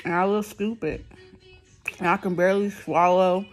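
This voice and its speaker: A woman's voice: fairly low pitch, fairly even intonation, normal speed, soft background music. Woman lisping through a dental expander. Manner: frustrated, blunt, slangy. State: speech thick and lisping from a new palatal expander. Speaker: vlogger. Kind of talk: casual venting to camera.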